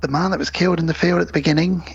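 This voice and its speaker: A man's voice: fairly high pitch, fairly even intonation, very fast, gravelly, husky, highs cut off, faint music behind. A man co-hosting a podcast, retelling a film scene by scene in casual chat and acting out the characters' lines. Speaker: podcast co-host.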